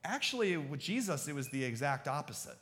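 A man preaching a sermon as pastor, moving between hushed, earnest appeals and lively storytelling. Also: a little high, brisk. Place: church sanctuary. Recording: long reverb of a large church hall.

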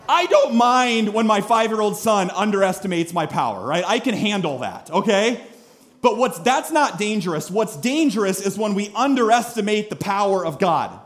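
A man in his thirties preaching a sermon in a church, conversational and animated, full of rhetorical questions. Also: sits high. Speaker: pastor. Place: church sanctuary.

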